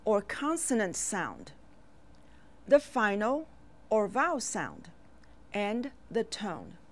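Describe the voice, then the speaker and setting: A woman teaching a children's language lesson in a slow, clear voice, pausing for the learner to repeat after her. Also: fairly high pitch.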